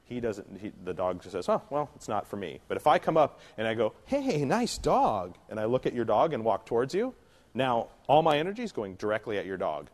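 A man's voice: on the low side, sing-song. A man running a puppy class, explaining dog training in a casual, conversational way and acting out little scenes. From California. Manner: conversational, acts out little scenes with quick voices. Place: indoor training class room.

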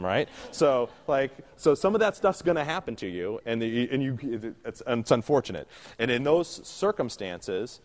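A man's voice: mid-range voice, big pitch swings. A man running a puppy class, explaining dog training in a casual, conversational way and acting out little scenes. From California. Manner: conversational, acts out little scenes with quick voices. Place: indoor training class room.

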